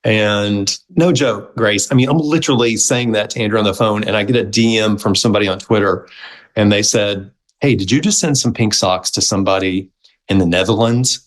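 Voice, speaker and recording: A middle-aged man with a fairly low voice tells a story in a relaxed interview. He talks animatedly and slips into the voices of the people he quotes. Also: fairly quick, poor audio. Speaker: guest, movement founder.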